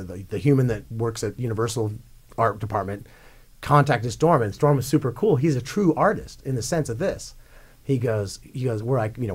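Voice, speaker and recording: Fast-talking rambling rock singer. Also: male voice, fairly low pitch, husky. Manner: excitable, rambling, quotes others in voices. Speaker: rock singer, radio guest. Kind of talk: casual storytelling interview. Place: radio studio.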